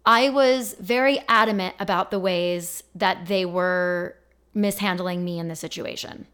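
A woman's voice: fairly low pitch, measured pace, fairly bright tone, smooth. A woman hosting a podcast in casual chat, blunt and emphatic, swearing freely as she tells stories. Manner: storytelling with acted-out quotes. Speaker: podcast host.

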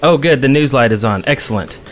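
A man co-hosting a casual gaming podcast, chatty and quick to laugh, humming to himself as he reads through a list. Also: mid-range voice. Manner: chatty, laughs often, hums while reading a list. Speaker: podcast co-host. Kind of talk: casual chat.

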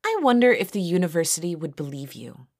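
A woman's voice: on the low side, very animated, a little fast, no echo, clean studio sound. A woman voicing a taunting young sorority sister who teases and giggles, in an audio story. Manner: teasing, giggly.

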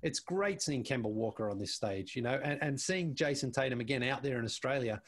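A man, a guest who is a basketball show panelist, chatting casually in an interview and telling animated stories full of restarts and repeated words. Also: medium pitch, fairly quick.

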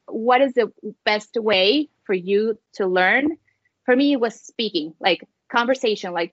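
A Spanish-speaking mother from Mexico chats casually as an interview guest, speaking with a light Mexican accent and plenty of fillers and restarts. Her voice is a little high and fairly bright, on a dry, lo-fi recording.

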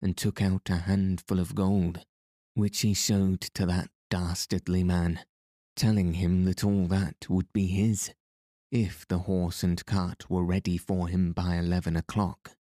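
Man doing an old lisping trader, rasping, fawning, low voice, slow. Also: flat delivery, warm tone, no room sound, studio quality. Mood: wheedling. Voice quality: lisp. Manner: rasping, obsequious. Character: elderly grimy male trader, humble and wheedling.

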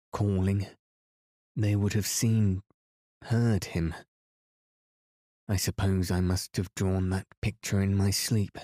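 A man's voice: low voice, mellow, dry recording, clean studio sound. A man reading aloud, voicing a frightened, imaginative teenage girl who stammers and trembles.

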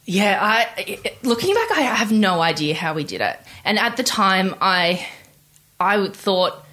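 A young woman telling her personal story in an interview, candid and halting, with many restarts. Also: medium pitch, very animated, fairly bright tone. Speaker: interview guest.

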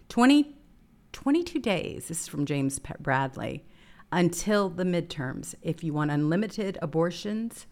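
A woman hosting a political talk show, giving sarcastic, emphatic opinion commentary. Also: deep voice.

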